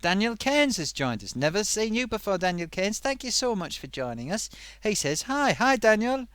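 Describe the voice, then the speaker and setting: A man voicing a lively talking sock host. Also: sits high, moderate pace, clean tone, no echo. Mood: chatty. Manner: rambling, playful, lectures in a friendly way. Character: chatty talking sock puppet host, male, affable. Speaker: live stream host. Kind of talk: live stream chat with viewers.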